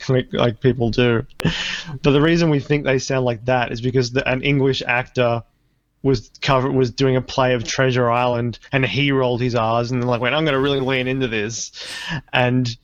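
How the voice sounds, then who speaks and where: A man's voice: medium pitch, no room sound, muffled recording. A man co-hosting a casual comedy podcast, rambling through a story with frequent laughs and restarts. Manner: rambling, laughs often, trails off mid-sentence. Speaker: podcast co-host.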